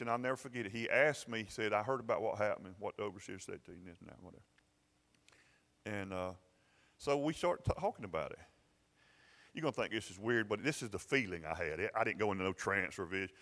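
A man's voice: medium pitch, a bit bright. A middle-aged man with a Southern American accent telling a personal story in a sermon, folksy, stumbling over repeated words and chuckling often. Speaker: pastor. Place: church sanctuary. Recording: long reverb of a hall.

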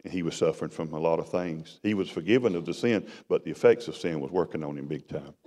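A middle-aged preacher delivers a sermon testimony at a quick pace, his lowish voice swinging from loud to hushed as he tells the story dramatically. Long reverb fills the sound, as in a large church hall.

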